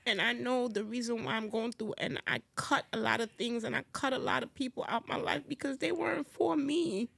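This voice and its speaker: A woman's voice: on the high side, brisk, gravelly, hardly any pauses, a bit bright, husky, dry recording. A woman, a guest on a podcast, telling her story with passion and repeating herself as she rises near to tears. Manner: impassioned, repetitive, rising to near tears. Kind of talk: emotional testimony in a podcast conversation.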